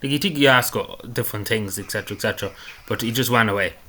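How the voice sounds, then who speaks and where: A man's voice: lowish voice, rapid-fire, a little hiss or hum. A man giving rambling, indignant commentary on a video clip, repeating himself often. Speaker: political commentator.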